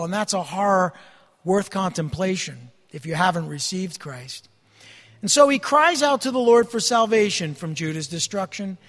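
High-voiced man preaching in a reverberant hall. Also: a bit bright. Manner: earnest Bible teaching, reading scripture aloud with rising intensity. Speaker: pastor. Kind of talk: sermon.

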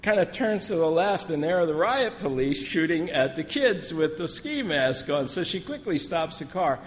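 A man's voice: fairly high pitch, expressive, moderate pace. Man telling folksy stories in a reverberant hall. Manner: folksy, joking storyteller, many asides. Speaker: missionary speaker. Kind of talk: sermon with personal stories. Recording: long hall reverb, faint room noise.

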